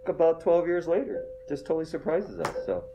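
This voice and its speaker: A man in his forties, a guest in a relaxed interview, tells his story with a lively voice that climbs and dips widely. He is self-deprecating and keeps checking in with "okay?", and he turns quiet and tender when the story gets emotional. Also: fairly high pitch, fairly quick, music in the background. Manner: soft and emotional when talking about his wife.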